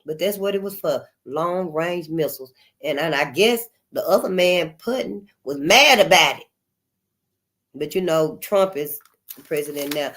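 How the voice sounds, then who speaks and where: An older woman hosting her channel in a casual, unscripted monologue, emphatic and repetitive, calling her listeners honey. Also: low-pitched. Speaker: channel host.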